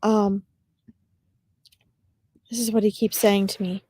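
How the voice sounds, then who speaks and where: A woman giving a live-streamed psychic reading as a medium, talking in a gentle, reassuring way with frequent pauses and fillers. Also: mid-range voice, flat delivery, dry recording. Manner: gentle, reassuring address to viewers.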